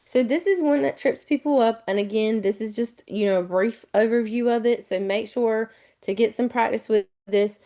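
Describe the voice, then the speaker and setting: This middle-aged woman's voice is a little high yet dark in tone, moving at a normal pace. Teaching spelling rules live online, she patiently spells out each word letter by letter as she explains.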